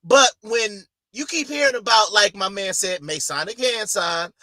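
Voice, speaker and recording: A man's voice: sits high, moderate pace, sharp tone, no room sound. A man co-hosting a casual podcast, talking loosely in slang and riffing with his co-host.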